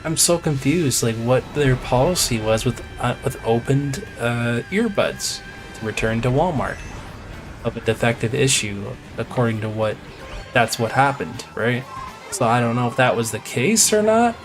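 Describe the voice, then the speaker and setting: A man chats casually to his viewers as he plays, telling a rambling, exasperated story peppered with mild swearing. His voice sits at an ordinary middle pitch, and faint video game music plays in the background. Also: lively intonation, normal speed. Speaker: gaming live streamer. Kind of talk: casual chat while playing.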